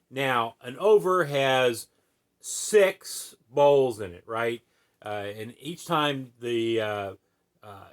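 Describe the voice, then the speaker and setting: On his podcast, an American host with a fairly bright, medium-pitched voice walks listeners through a sport. The tone is homespun and casual, heavy on fillers and "right?" asides.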